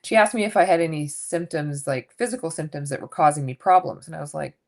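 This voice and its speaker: A woman in her fifties, a coach and podcast guest, telling her story in a candid, animated way and swearing casually. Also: low-pitched, fast talker, gravelly. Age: 50s.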